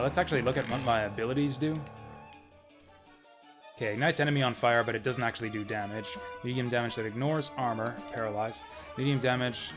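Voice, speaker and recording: A man chatting casually and rambling as he streams a video game. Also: mid-range voice. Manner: chatty, rambling, laughs often.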